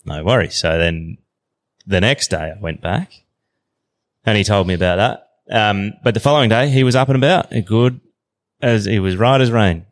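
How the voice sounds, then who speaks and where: A man in his thirties with an Australian accent, telling a story as a podcast guest in a relaxed, slangy way. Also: fairly low pitch, moderate pace, no room sound. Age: 30s. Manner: relaxed yarn-spinning, slangy. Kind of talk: casual storytelling.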